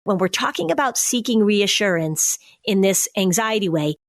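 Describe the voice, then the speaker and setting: A woman talking on a podcast, laying out ideas and acting out children's questions as she goes. Her voice sits in a middle pitch. The recording is dry and close, with no room sound. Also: expressive, normal speed, dry recording. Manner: explanatory, acts out kids' questions. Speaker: podcast host, anxiety expert. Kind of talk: casual podcast chat.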